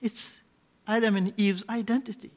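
A man preaching a sermon, swinging between loud emphatic peaks and quiet low lines, and leading the congregation in spoken declarations. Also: fairly even intonation, moderate pace. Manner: leads the congregation in call-and-response declarations.

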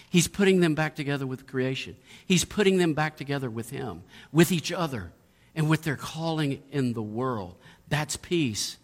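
A middle-aged male pastor delivers a sermon in a slightly raised voice. He piles up rhetorical questions and lifts into emphatic high points.

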